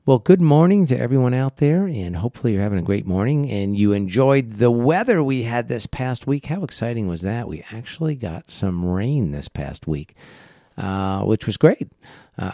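Congested radio host, low and dry. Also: male voice, no echo. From eastern United States. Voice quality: flat, monotone delivery. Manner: rambling, with many fillers. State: congested from a head cold. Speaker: radio show host, financial planner. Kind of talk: casual radio talk show.

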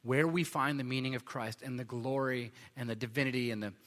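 A man's voice: medium pitch, fairly even intonation, brisk, fairly bright tone, long reverb tail. A man preaching a sermon in a conversational way, with frequent fillers and restarts.

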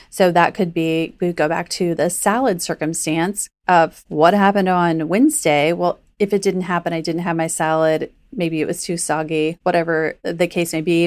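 A woman health coach talking casually on a podcast, full of "like" and quick acted-out inner voices. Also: on the low side, no echo. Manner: chatty, frequent "like", acts out inner voices. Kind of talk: conversational podcast teaching.

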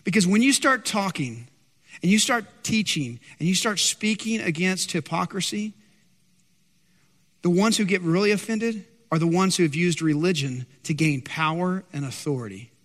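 A male pastor delivers an impassioned sermon in a high, bright-edged voice. Lines trail off into a lingering church reverb. He slips into anxious, quoted voices to dramatize the story. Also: animated, normal speed. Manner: impassioned, acts out anxious disciples in higher voice. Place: church sanctuary. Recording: long hall reverb.

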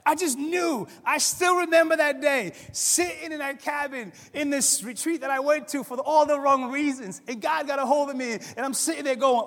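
Middle-aged male pastor, high voice, lively conversational sermon, long hall reverb. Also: normal speed, few pauses. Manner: conversational, animated, acts out quoted voices.

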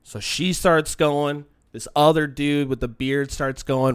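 A person telling a personal anecdote in a casual, profane monologue, swinging between quiet muttering and loud exasperated outbursts. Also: medium pitch, moderate pace, hardly any pauses, smooth, no echo, studio quality. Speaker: storyteller.

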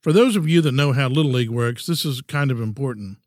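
A man in his sixties hosting a podcast, giving an earnest, measured, folksy reflective monologue. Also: medium pitch, a little mellow, dry recording, clean studio sound. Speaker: podcast host.

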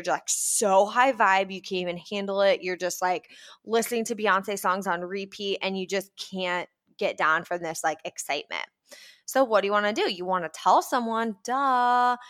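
A woman's voice: medium pitch, pushed and bright. A young woman hosting a podcast, talking casually and upbeat, acting out little quoted voices as she goes. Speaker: podcast host.

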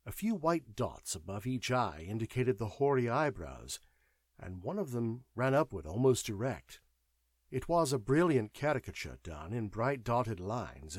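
A man narrating a classic mystery audiobook in an expressive, measured storytelling manner. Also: mid-range voice, no room sound, clean studio sound. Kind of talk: scripted narration.

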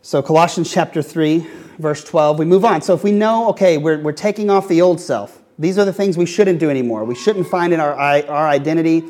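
Mellow-voiced young man preaching casually. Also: fairly high pitch, fairly quick. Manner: conversational, fillers, repeats words. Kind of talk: casual sermon with storytelling.

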